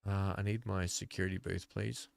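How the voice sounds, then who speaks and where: A man's voice: low voice, level tone, normal speed, vocal fry, no echo. An Australian man giving casual, rambling gameplay commentary, thinking aloud as he plays. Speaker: gaming video creator.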